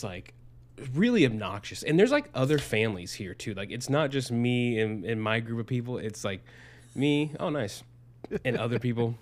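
A young man casually telling a rambling, profane story on a podcast, with lots of fillers. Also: mid-range voice. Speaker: podcast co-host. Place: Arizona.

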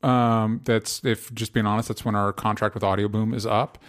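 A young man hosting a podcast, talking in an earnest, halting way with many restarts and fillers. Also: fairly low pitch, level tone. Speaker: podcast host. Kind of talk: casual podcast chat.

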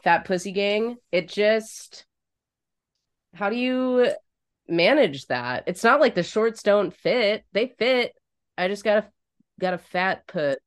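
A woman's voice: medium pitch, expressive, slow, clean tone. A woman co-hosting a podcast, telling a frank, crude story in casual chat, swearing freely. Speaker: podcast co-host.

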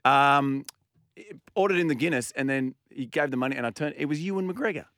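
A man's voice: medium pitch, no echo. A man hosting a sports radio show, telling anecdotes and bantering with his co-hosts in a studio. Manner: animated storyteller, quick to banter. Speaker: radio host. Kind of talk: casual sports radio chat.

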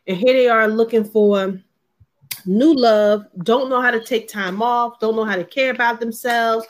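A woman talking bluntly and emphatically in a casual panel discussion, swearing freely and mimicking others' lines. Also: on the high side.

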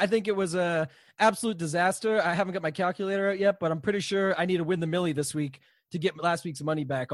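A man with a high-pitched voice chats casually as a podcast co-host and jokes at his own expense. The sound is close and dry. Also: a bit bright, no echo.

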